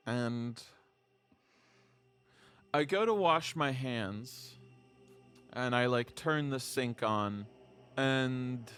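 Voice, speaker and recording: A man's voice: a bit bright, clean tone. A young adult man playing a tabletop role-playing game, who talks playfully and theatrically.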